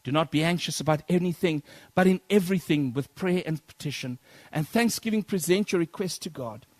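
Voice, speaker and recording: Man preaching, slightly high voice, husky, dry close sound, loud-to-soft swings. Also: fairly quick, no echo. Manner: dynamic, swings between loud declaiming and soft near-whispers; addresses congregation as brethren. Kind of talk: sermon.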